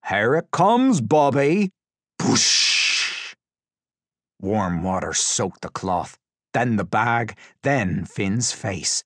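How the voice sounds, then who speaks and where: A man's voice: low-pitched, dry recording, studio quality. A man reading a tense story aloud as an audiobook narrator, with intense, vivid storytelling. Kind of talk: scripted dramatic narration.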